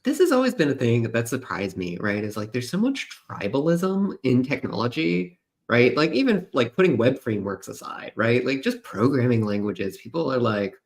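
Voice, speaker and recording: A man co-hosting a casual developer live stream. He talks in a calm, reflective way and often adds "right?". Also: mid-range voice, moderate pace.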